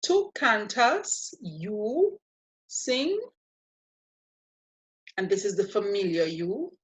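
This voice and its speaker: Slow, patient woman teaching a language. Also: mid-range voice, big pitch swings. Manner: patient and playful, spells out each step. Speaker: Spanish teacher. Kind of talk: slow, deliberate language lesson.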